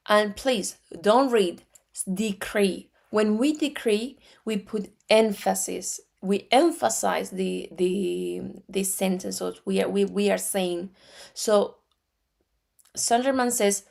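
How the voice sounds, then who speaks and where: Argentine lady in her 40s, gravelly voice, slow spiritual teaching talk, restarts a lot. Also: mid-range voice, darkish tone. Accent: Argentine Spanish. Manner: slow, deliberate, with frequent restarts. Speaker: metaphysics teacher.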